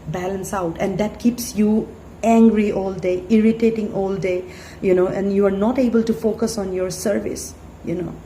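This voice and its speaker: A woman giving a spiritual tarot reading in an earnest, halting way, full of fillers and restarts. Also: medium pitch, steady tone, warm tone. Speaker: tarot reader. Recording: echoey room, faint hiss.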